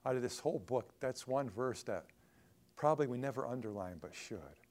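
A male pastor preaching from the pulpit. He jumps into high, loud acted-out pleas, then sinks low and quiet for reflective passages. The delivery is dramatic and full of feeling. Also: expressive, moderate pace. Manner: dramatic, acts out quoted pleas in a raised voice. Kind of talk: sermon.

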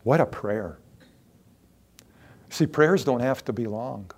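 A man preaching a sermon as a pastor, earnest and emphatic, dropping to soft asides and rising to loud declarations, often repeating words for stress. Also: medium pitch, lively intonation, takes it slowly.

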